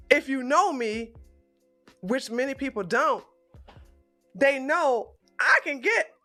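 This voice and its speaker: Blunt, bright-voiced woman streamer. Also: on the high side. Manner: blunt, animated, swears freely. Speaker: political streamer reacting to a clip. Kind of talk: casual profane commentary.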